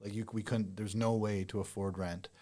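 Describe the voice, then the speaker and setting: A comedian guest talking casually on a podcast, rambling with many restarts and lots of "like". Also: male voice, fairly low pitch, little pitch movement, normal speed, mellow. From Canada. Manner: rambling, heavy use of "like" and restarts.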